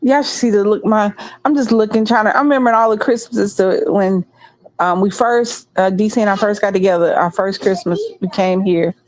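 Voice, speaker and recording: A woman's voice: medium pitch, a little fast, a little mellow, poor audio. A middle-aged woman hosting a livestream, rambling and chatting straight to her viewers in a casual, unscripted way. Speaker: livestream host.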